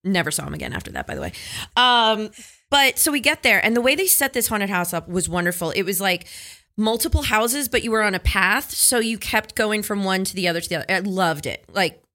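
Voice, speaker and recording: Female podcast co-host with a bright, forceful voice. Animated storyteller. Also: mid-range voice, fairly quick. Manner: animated storyteller, acts out quotes. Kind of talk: casual storytelling chat.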